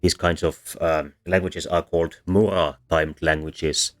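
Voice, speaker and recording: A man explaining grammar as a teacher in a lecture, drawing as he talks and pausing often with ums and self-corrections. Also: deep voice, flat delivery, a bit bright, faint music behind. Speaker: language teacher.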